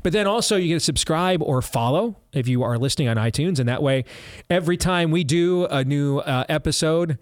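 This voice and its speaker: Rambling talk-radio host, dry studio sound. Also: male voice, a little high, animated, a little fast, dry recording. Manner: rambling, self-interrupting, chuckling asides. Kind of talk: casual talk radio chat and ad read.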